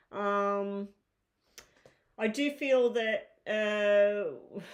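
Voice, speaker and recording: Woman, tarot reader, live stream, chatty, reassuring, mid pitch. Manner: chatty, reassuring, thinks aloud while reading cards.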